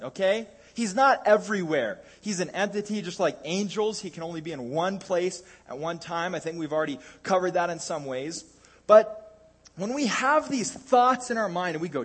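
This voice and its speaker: A man's voice: high voice, slightly rough. A man preaching a sermon in a conversational way, with jokey asides and frequent restarts.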